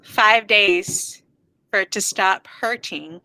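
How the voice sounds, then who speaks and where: A woman's voice: medium pitch, slow, pushed and bright, rough recording. A woman co-hosting a podcast, telling a story in casual chat with frequent laughs. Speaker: podcast co-host.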